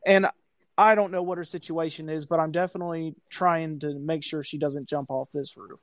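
A man, casually telling a long story on a podcast, animated and profane, acting out the people he quotes. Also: fairly high pitch, normal speed, no room sound, studio quality.

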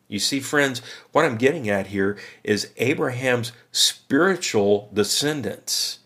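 A man teaching the Bible verse by verse on a podcast, asking rhetorical questions and addressing listeners as friends. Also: mid-range voice.

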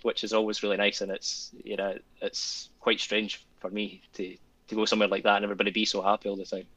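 A man's voice: fairly low pitch, level tone, fast talker, bright, forceful tone. A Scottish man, a guest, chatting casually, rambling and repeating himself with frequent chuckles. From Scotland. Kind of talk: casual chat.

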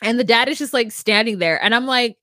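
A woman's voice: on the high side, a little fast, a bit bright, no echo, studio quality. A woman co-hosting a podcast, recapping reality TV in a chatty, giggly way. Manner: chatty, giggly, does mock voices. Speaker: podcast co-host. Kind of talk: casual reality TV recap chat.

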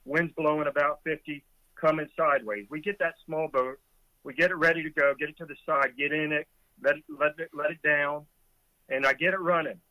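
As a guest in a conversation, a middle-aged former Coast Guard boatswain's mate vividly narrates a rescue, chuckling as he goes. His voice is on the high side with a steady tone and a slightly fast pace. The recording is dry, and the audio narrow and tinny.

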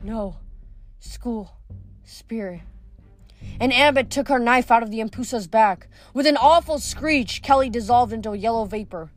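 A woman reading a novel aloud at a steady pace, sometimes stumbling and restarting a word. Her voice is slightly high, and quiet music plays underneath. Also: a little fast, hardly any pauses. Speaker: reader.

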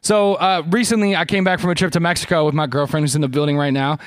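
A man's voice: fairly high pitch, fairly even intonation, quick pace. A man on a live podcast, telling a rambling, profane, self-mocking story as co-host.

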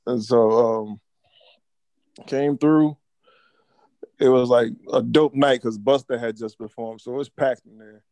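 A man's voice: mid-range voice, fairly even intonation, a little slow, pauses often, a little mellow, no echo. A man co-hosting a podcast, telling a casual, slangy story as he chats over a call. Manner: laid-back slangy storyteller. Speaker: podcast co-host.

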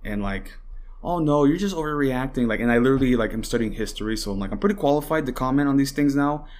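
A man's voice: mid-range voice, very fast, a little mellow. A young man hosting a podcast, ranting with heavy swearing and constant fillers, at times mocking his opponents. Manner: heated and rambling, swears often, many fillers; mocks opponents in put-on voices. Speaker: podcast host. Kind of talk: casual political commentary.

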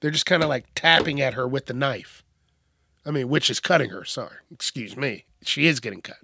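A man's voice: mid-range voice, a little fast, gravelly, bright, forceful tone, husky, no room sound, studio quality. A man on a podcast, ranting crudely and mockingly with lots of swearing. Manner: profane, mocking, acts out whiny voices. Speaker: podcast host. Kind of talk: crude comedic rant.

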